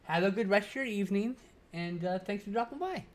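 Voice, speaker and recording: A woman's voice: mid-range voice, animated, brisk. A woman in her thirties chatting casually on a live stream, reading chat messages aloud, telling stories and swearing freely. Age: 30s.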